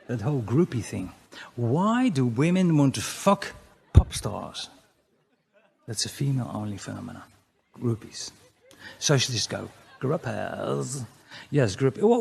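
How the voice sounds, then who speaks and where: A man with a Dutch accent doing a crude, mocking stand-up routine, often jumping into loud, high exclamations. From Netherlands. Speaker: comedian.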